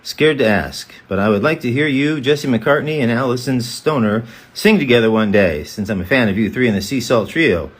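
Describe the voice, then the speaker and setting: A man with a husky mid-range voice and lively intonation hosts a live fan Q&A as a voice actor. Going through comments one by one, he reads each aloud, answers chattily, and tosses in quick character voices.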